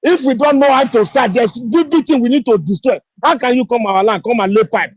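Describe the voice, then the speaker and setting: A man with a Nigerian English accent speaks with fire and urgency, hammering the same rhetorical questions again and again. His voice sits high and sounds husky. It comes through dull, lo-fi online call audio. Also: a little fast, dry recording. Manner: repetitive rhetorical questions, fiery. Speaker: participant in an online discussion. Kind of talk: impassioned call-in speech.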